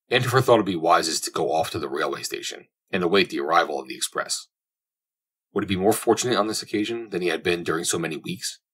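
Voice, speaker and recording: A man reads a classic adventure novel aloud as an audiobook, measured and descriptive. His voice is very deep and has a husky grain. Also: a bit bright. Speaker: audiobook narrator. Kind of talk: audiobook narration.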